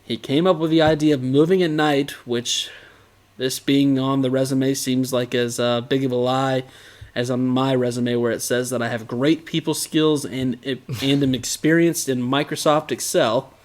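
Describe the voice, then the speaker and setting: A man's voice: mid-range voice, steady tone, moderate pace. Sarcastic man co-hosting a podcast. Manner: sarcastic, teasing, jokey asides. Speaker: podcast co-host. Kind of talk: casual chat recapping an anime episode.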